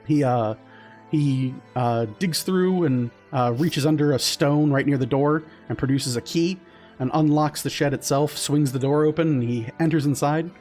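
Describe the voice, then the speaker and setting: A man's voice: a little high, moderate pace, darkish tone, faint music behind. A man narrating as game master in a loose, casual way with many fillers.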